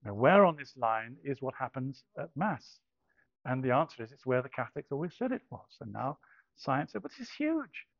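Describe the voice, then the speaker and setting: A man's voice: medium pitch, lively intonation, normal speed, gravelly, no echo. An older man tells a personal story, hesitant and self-deprecating, with frequent restarts and dry humour. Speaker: speaker giving a personal testimony. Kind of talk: storytelling talk. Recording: dull dry recording.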